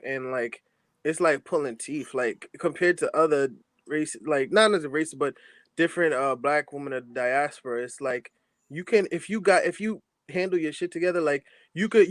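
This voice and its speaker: A man's voice: fairly high pitch, a bit bright, no room sound. A man chatting casually on a podcast, laughing often in easygoing banter. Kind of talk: casual chat.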